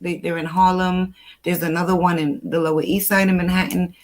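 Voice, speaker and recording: A woman's voice: lowish voice, brisk. Chatty older New woman. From New York. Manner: chatty, animated storyteller. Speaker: host. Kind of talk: casual chat.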